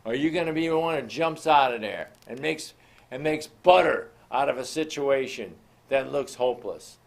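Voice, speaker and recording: A man's voice: medium pitch, moderate pace, vocal fry. A man hosting a show, telling motivational stories and asking the listeners rhetorical questions. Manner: preachy, addresses listeners as folks, asks rhetorical questions. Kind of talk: motivational storytelling talk.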